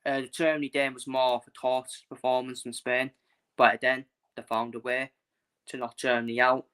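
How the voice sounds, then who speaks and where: Man, from England, football vlogger, bright forceful voice, blunt, repetitive, casual rant. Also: medium pitch, little pitch movement, moderate pace, clean tone. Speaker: football channel host. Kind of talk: casual ranting match preview.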